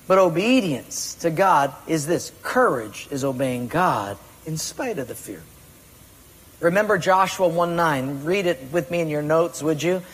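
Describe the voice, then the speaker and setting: A man preaching a sermon with emphatic delivery, acting out excuses and commands and rising to loud peaks. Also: on the high side, expressive, a little slow, breathy edge, big-room sound. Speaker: pastor.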